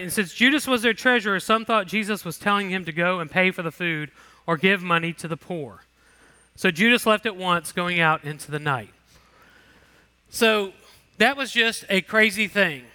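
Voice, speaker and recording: A man with a high, sharp-toned voice leads a Bible lesson. He reads scripture aloud and comments on it in a casual, conversational manner, acting as a Bible study teacher.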